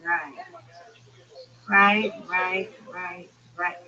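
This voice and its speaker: A woman's voice: on the low side, flat delivery, very slow, sharp tone. A woman calling in from home, chatting casually and talking aside to people in the house. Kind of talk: casual chat. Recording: dull lo-fi sound from a distant mic.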